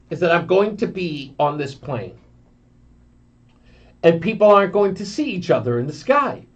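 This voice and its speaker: A man hosting a talk radio show, telling a long story in an animated way and acting out the voices of the people in it. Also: high voice, muffled recording.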